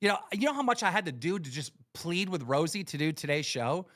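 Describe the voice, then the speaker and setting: Furious high-voiced man ranting. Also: big pitch swings, a little fast, fairly bright tone. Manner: angry, profane, emphatic. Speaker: livestream host. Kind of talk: heated livestream rant.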